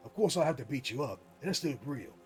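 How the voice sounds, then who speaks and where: A man's voice: mid-range voice, very animated, fast talker, soft background music, natural voice. A man reading out a scheming, wounded prison guard from a game in a hammy put-on accent. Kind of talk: reading game dialogue aloud.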